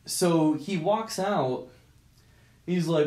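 Podcast co-host, a man, middle-pitched, spins a profane anecdote in an echoey room. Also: brisk. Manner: profane, animated retelling with acted-out quotes. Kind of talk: casual chat, storytelling. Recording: roomy echo.

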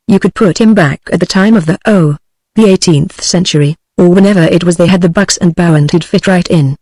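A woman's voice: on the low side, a little fast, no echo, natural voice. A British female TTS voice reading a restless teenage girl. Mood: dreamy. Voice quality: even, mechanical text-to-speech delivery.

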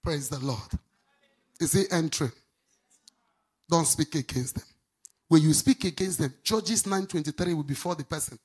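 A middle-aged woman pastor preaching a sermon, swinging from loud outbursts to quiet asides. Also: moderate pace, pauses often, husky. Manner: animated preaching, swinging between shouts and low asides.

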